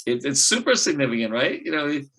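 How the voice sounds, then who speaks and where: A man teaching a scripture class, telling the story in a lively, conversational way with casual fillers. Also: mid-range voice, fast, slightly rough, poor audio. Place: temple class room.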